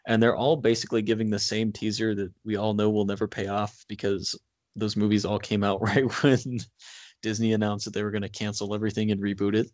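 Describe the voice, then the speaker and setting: A man's voice: on the low side, little pitch movement, a little mellow, no echo. A man co-hosting a film podcast in casual chat, with frequent "um" and "like" fillers. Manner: frequent "um" and "like", measured. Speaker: podcast co-host.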